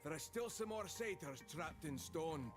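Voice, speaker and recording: A man's voice: on the high side, expressive, measured pace. A man voicing a grateful, cheerful male satyr in a video game, with a theatrical Scottish accent. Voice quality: theatrical, sing-song. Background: loud game music.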